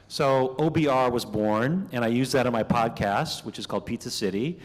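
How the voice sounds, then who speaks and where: A middle-aged man from Minnesota giving a conversational keynote speech, telling stories with lively asides. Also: mid-range voice, normal speed. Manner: chatty, animated storytelling with asides. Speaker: keynote speaker. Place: banquet hall. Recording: reverberant banquet hall.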